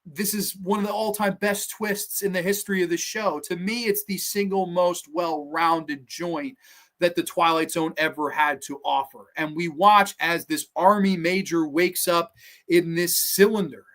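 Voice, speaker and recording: Animated man hosting a podcast. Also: a little high. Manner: enthusiastic, animated retelling with many asides. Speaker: podcast host. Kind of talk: casual review commentary.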